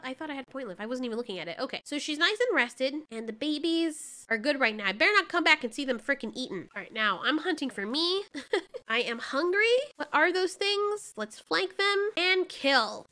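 Young female gamer, high bright voice, excitable, swears freely while she plays. Let's-play commentary. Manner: excitable, swears a lot, talks to the game. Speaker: gaming YouTuber.

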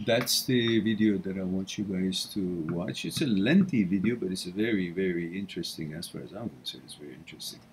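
A man's voice: low voice, expressive, brisk, hardly any pauses, a little hiss or hum. A middle-aged man hosting a live question and answer stream, talking casually and laughing often. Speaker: host. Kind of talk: live Q&A talk.

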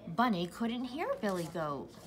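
A young woman who teaches preschool, reading a picture book aloud to young children in a slow, encouraging way. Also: mid-range voice, big pitch swings, background noise. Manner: slow, sing-song, encouraging.

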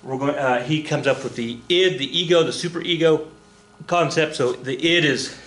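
Animated male history teacher. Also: on the high side, moderate pace, echoey room. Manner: animated, jokey, acts out voices and counts dance steps. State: out of breath. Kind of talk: recorded classroom lecture.

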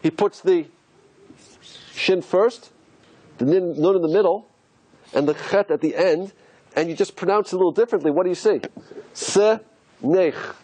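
A man's voice: high-pitched, moderate pace, pauses often, darkish tone. A man teaching as a rabbi, asking rhetorical questions and musing aloud as he explains letters on a board. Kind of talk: teaching lecture.

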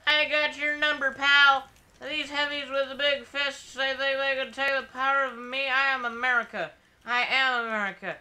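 A man's voice: very high voice, sharp tone, pitched above the performer's own voice, full character voice, rough recording. Man doing a bragging patriot blowhard. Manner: blustering, bragging, stumbling over threats. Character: boastful loud male American patriot caricature. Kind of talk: goofy gaming stream bit.

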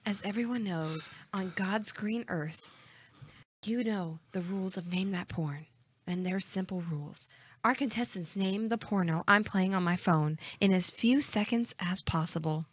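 A woman's voice: mid-range voice, measured pace, slightly rough, no echo. A woman playing brassy, emphatic characters in comedy sketches, such as a game show host.

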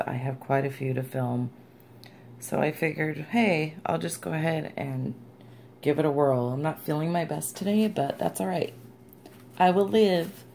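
A woman's voice: low-pitched, vocal fry, dark tone, slight background noise. A woman vlogger chatting casually as she opens gifts, gushing and chatty and sounding tired. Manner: gushing and chatty, squeals and laughs often. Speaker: crafting vlogger. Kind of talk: casual unboxing vlog.

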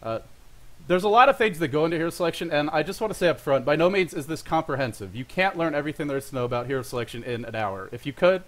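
A man's voice: a little high, lively intonation, racing, fairly bright tone. A young man hosting his own show in a casual monologue, rambling and self-deprecating, with frequent fillers and laughs. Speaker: show host.

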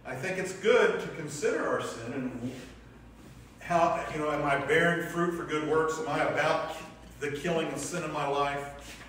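A man teaching a church class, talking in a loose, conversational way and asking questions of the room. His voice sits a little higher than most men's. It was recorded from a distance in a very echoey room with a faint hiss under it. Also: moderate pace, a bit bright. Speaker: Sunday school teacher. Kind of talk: church class lesson with discussion.

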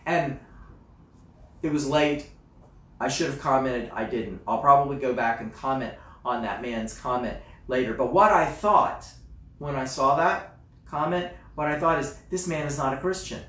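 A male pastor delivering a sermon, swinging between hushed, slow phrases and loud, emphatic exclamations. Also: mid-range voice. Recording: roomy, distant mic with faint ambience.

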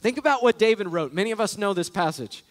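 A man with a notably high voice delivers an earnest, emphatic sermon as a pastor. He drives his points home by repeating key phrases, and his voice rings through the long echo of a large church sanctuary. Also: expressive, quick pace. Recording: echoey church hall.

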